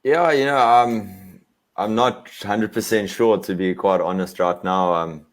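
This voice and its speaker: Young south african rider guy, deep voice, chill, lots of "i mean" and laughs. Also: unhurried. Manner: easygoing, laughs often, filler-heavy. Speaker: guest, racer. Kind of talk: casual video-call interview.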